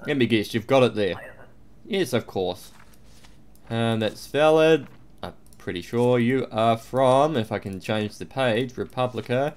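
A man's voice: mid-range voice, measured pace, a little mellow. A man giving playful, mock-official gameplay commentary, humming to himself and swearing now and then. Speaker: let's play host.

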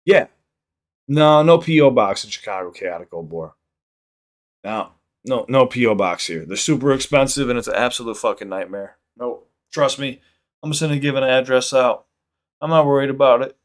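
A man casually chatting on a livestream while high, swearing a lot and reading chat aloud. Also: normal speed. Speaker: live streamer.

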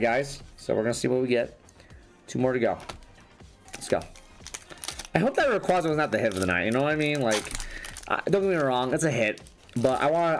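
A man losing his voice, chatting casually as he opens trading card packs and rambles through each card. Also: medium pitch. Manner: rambling, restarts sentences. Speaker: YouTuber opening trading cards. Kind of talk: casual card-opening commentary. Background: faint background music.

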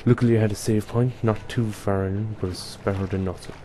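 A man's voice: lowish voice, fairly even intonation, a little fast, mellow, slight background noise. A young man playing a horror game and commenting to viewers, jumpy and swearing often. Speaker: gaming youtuber. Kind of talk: let's play commentary.

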